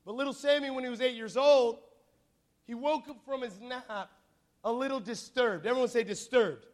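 Male preacher with a high voice, animated and jokey, uses call-and-response. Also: normal speed. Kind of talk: sermon with storytelling.

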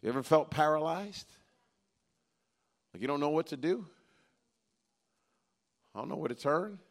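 High-pitched guy preaching a sermon, gets loud and punchy then drops way down quiet, reads verses slow and heavy. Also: expressive. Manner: swings between loud emphatic bursts and quiet intimate lows; reads scripture slowly with dramatic weight. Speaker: pastor.

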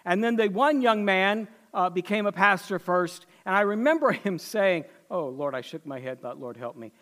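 A man's voice: sits high, lively intonation, moderate pace, a bit bright. A male pastor preaching a sermon in a folksy, emphatic storytelling way.

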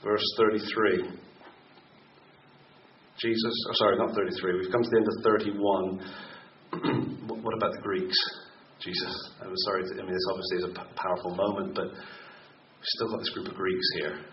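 A man preaching a sermon in a lively, conversational way, reading scripture aloud and explaining it to his listeners. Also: sits low, moderate pace, pauses often. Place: meeting hall. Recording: roomy, distant, dull lo-fi recording with faint noise.

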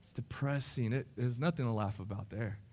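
A man's voice: medium pitch, fairly quick, a little mellow. A middle-aged man preaching a sermon in a conversational, emphatic storytelling way.

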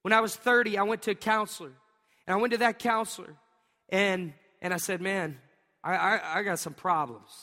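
High-voiced man preaching in a reverberant hall. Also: moderate pace. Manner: animated storyteller, laughs often, acts out voices. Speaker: pastor. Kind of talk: sermon. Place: large church hall.

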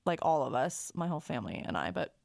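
A young woman as a podcast guest in casual chat, earnest, filling her stories with "like" and getting animated as she tells them. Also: deep voice, fast talker, gravelly, dry recording, clean studio sound. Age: young adult. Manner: earnest with lots of "like", animated when telling stories.

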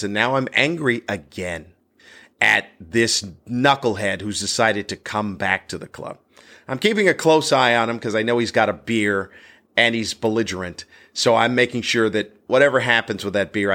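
A man, a stand-up comedian, telling a story about a heckler in a lively, animated way. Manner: animated, voice jumps high when worked up. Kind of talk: casual anecdote telling.

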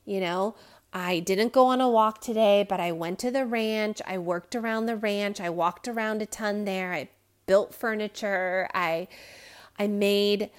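A woman's voice: mid-range voice, measured pace, clean tone. A woman hosting a podcast, talking to listeners in a candid, rambling personal monologue with frequent fillers and small laughs. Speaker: podcast host.

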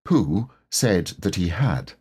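Male audiobook narrator, low husky voice, lively gentle telling. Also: a little slow. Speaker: audiobook reader. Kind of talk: scripted storybook narration.

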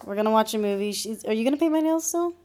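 A woman's voice: fairly high pitch, animated, rapid-fire, darkish tone. Young woman chiming in, casual chat. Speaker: podcast co-host.

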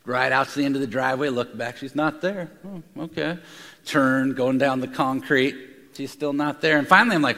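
A man's voice: mid-range voice, normal speed, pushed and bright. A man preaching a sermon to a room, telling stories and often repeating his words as he goes. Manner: storytelling with frequent repeated words. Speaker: pastor. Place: large room with an audience. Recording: long hall reverb.

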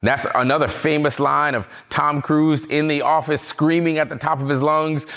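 A man preaching a conversational sermon at a virtual service, earnest and relaxed, with frequent fillers. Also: fairly high pitch, fairly quick, hardly any pauses. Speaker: pastor.

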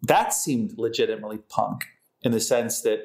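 A man's voice: lowish voice, normal speed, gravelly. A man co-hosting a podcast about a book, chatting casually with sarcastic asides. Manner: sarcastic, animated. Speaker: podcast co-host. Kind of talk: casual chat.

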